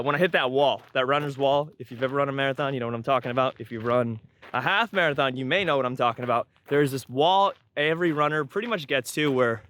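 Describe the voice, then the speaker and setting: Bright-voiced young man rambling outdoors. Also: medium pitch. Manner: rambling, many ums and uhs, self-correcting. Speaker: vlogger. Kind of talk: casual vlog talk to camera. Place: outdoors on a windy day. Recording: faint wind noise outdoors.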